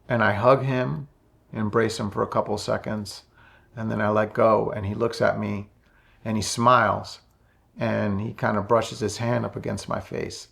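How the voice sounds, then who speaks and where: A man in his fifties, talking slowly and softly with many pauses in a reflective personal monologue about his spiritual path. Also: lowish voice, flat delivery, gravelly. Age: 50s. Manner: slow, soft-spoken and introspective, with many pauses. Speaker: spiritual vlogger.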